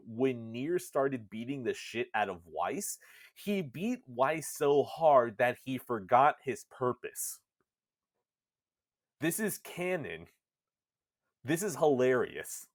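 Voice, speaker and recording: A man hosting a casual gaming podcast, retelling a story with lively, animated delivery. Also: mid-range voice, no echo, clean studio sound. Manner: animated storytelling, acts out characters in goofy voices. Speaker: podcast host.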